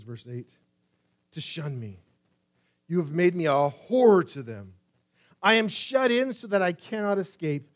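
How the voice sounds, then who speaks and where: A man preaching a sermon, reading scripture slowly and with emphasis, swinging between hushed lines and loud cries. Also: high voice. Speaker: pastor.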